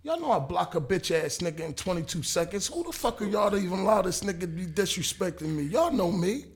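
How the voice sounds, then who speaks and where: A man tells his story with loud, profane energy, jumping into the voices of everyone involved. His voice sits a touch high and is husky and breathy. He sounds like a guest holding the floor on a casual podcast. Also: fast. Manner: animated, profane, acts out quotes.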